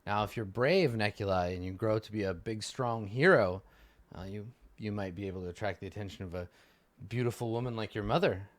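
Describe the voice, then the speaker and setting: A man's voice: on the low side, a little fast, no room sound, close to an everyday voice. A man voicing a proud, stern noble warrior uncle who scorns cowardice in a tabletop role-play. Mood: smug.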